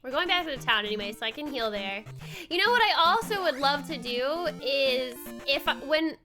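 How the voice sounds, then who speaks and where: A tired, yawning woman streaming a video game, thinking out loud and chatting to her viewers. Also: sits high, expressive, normal speed. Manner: thinks aloud while playing and talks to chat. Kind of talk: casual livestream gaming commentary. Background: game music.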